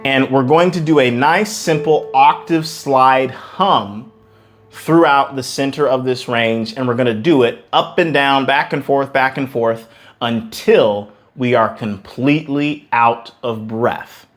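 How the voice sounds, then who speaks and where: A man's voice: medium pitch, takes it slowly. A man teaching singers as a vocal coach, talking emphatically, repeating words for stress and breaking into short sung demonstrations. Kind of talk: singing lesson to camera.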